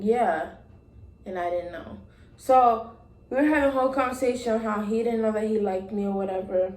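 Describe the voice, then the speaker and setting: A woman's voice: medium pitch, darkish tone. Young woman rambling through a storytime, roomy sound. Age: young adult. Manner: rambling, many ums and likes, retelling dialogue. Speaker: vlogger. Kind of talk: casual storytime monologue. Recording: roomy echo.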